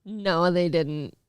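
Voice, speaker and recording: Smooth-voiced woman co-host. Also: on the low side, no room sound. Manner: reactive, chiming in with sympathetic asides. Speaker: morning show co-host. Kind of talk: casual podcast chat.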